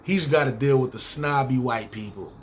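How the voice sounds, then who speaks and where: A man's voice: mid-range voice, moderate pace, a little hiss or hum. A man with a New York accent, hosting a podcast and telling a story from his life in casual, profane street slang. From Harlem, New York. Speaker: podcast host.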